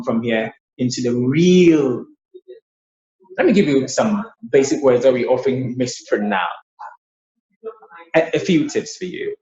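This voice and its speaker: A man's voice: medium pitch, a little mellow. A man tutoring English pronunciation in an online lesson. He explains patiently and often repeats his words. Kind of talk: online lesson with screen sharing. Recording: roomy, dull lo-fi sound.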